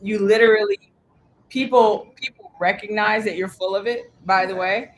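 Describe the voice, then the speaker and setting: A woman coaching a group in an animated, emphatic, blunt way, with the odd curse. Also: medium pitch, moderate pace, poor audio. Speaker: sales coach. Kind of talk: coaching talk.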